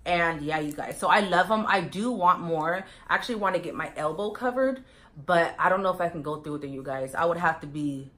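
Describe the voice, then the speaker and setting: A woman's voice: fairly low pitch, brisk, a bit bright. A young woman vlogger chatting casually to her viewers, full of fillers and often calling them you guys. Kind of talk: casual get-to-know-me chat.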